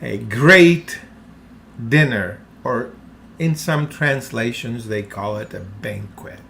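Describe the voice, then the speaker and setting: A man's voice: medium pitch, slow, vocal fry, a bit bright, a little hiss or hum. A man teaching a language lesson, carefully pronouncing words and asking the listener to repeat them. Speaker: Greek teacher. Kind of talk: slow language lesson with pronunciation drills.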